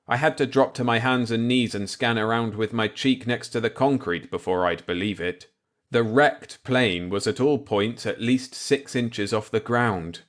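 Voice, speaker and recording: Low-voiced male audiobook narrator. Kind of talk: first-person novel narration.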